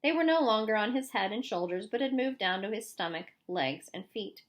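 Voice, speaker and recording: A woman narrating an audiobook in a clear, even storytelling voice. Her pitch sits mid-range and the reading moves along at an ordinary pace. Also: brisk. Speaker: audiobook reader. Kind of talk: novel read aloud.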